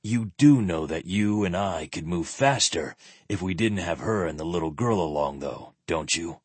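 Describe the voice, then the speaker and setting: A man reads as a grave, worried squire in a storybook reading, his voice dropped low and quiet. The tone is husky and breathy, close and dry with no room around it. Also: lively intonation, moderate pace, dry recording, exaggerated voice.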